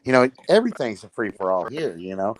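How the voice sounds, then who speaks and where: A man's voice: lowish voice, very animated, fast talker. A man in a casual chat, telling a family story with stammering restarts.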